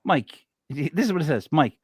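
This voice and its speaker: A man's voice: fairly high pitch, sing-song, normal speed, a little mellow, slightly rough, dry recording. A man hosting a podcast in rambling, joking casual chat, stuffy and short of breath. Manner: rambling, joking, self-mocking. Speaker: podcast host.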